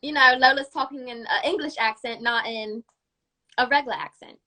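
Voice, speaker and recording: A woman's voice: sits high, moderate pace, bright, forceful tone. A young woman guest in a casual interview, upbeat and saying "like" often as she talks. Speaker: guest YouTuber.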